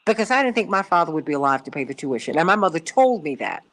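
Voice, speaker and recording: Woman, radio talk host, from Chicago, middle-aged, emphatic, lively pitch. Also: fast talker. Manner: impassioned, emphatic storytelling with repeated no's.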